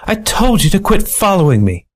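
A man's voice: sits high, big pitch swings, moderate pace, pitched above the performer's own voice. A man voicing a glamorous female mink widow, a femme fatale with a dramatic, distressed manner.

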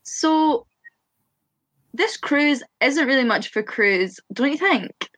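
A woman's voice: high voice, animated, takes it slowly, a bit bright, dry recording, exaggerated voice. A woman improvising an overconfident actress who rambles in stammering questions. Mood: flustered. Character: overconfident dramatic female actress, nervous questioning. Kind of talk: improv comedy scene.

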